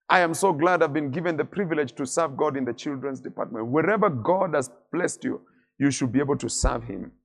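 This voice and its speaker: A middle-aged man preaching a sermon as a bishop, building emphasis through repeated phrases and letting key words fall low and soft at the end. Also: creaky.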